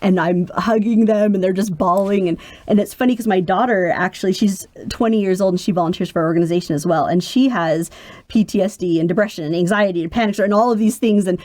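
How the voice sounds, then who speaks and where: A woman's voice: mid-range voice, fast, no room sound. A woman in her forties, a military caregiver, talking earnestly in a podcast interview and acting out quotes as she tells stories. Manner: earnest, animated storytelling with voiced quotes.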